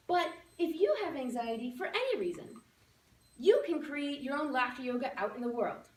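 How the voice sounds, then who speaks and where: A woman giving a playful, animated laughter-yoga demonstration speech to a live audience. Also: high-pitched. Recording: echoey room from far off.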